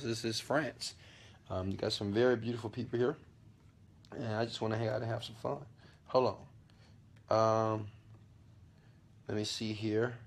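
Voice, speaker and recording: A man's voice: mid-range voice, fairly bright tone. A man chatting loosely on a live stream from a hotel suite, hyping his business coaching and filming with a phone at arm's length. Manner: loose and chatty, hype-driven. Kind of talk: casual live-stream chat.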